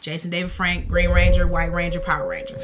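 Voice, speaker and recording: Animated woman telling convention stories. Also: on the low side, very noisy. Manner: animated storyteller, quick asides. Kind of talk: casual podcast chat.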